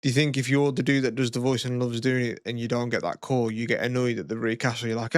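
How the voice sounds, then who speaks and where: Male podcast co-host, mid-pitched, loose rambling chat, dry recording. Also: fairly even intonation, fast, few pauses, dry recording. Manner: rambling, loose and chatty with many fillers. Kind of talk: casual chat.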